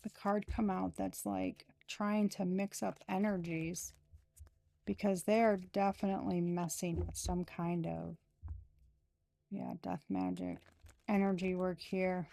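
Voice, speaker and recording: A woman in her thirties doing a casual tarot reading, talking slowly with many fillers and dry, sarcastic asides. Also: on the low side, little pitch movement, gravelly, dark tone, dry recording. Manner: slow, drawling, full of fillers, sarcastic asides. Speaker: tarot reader.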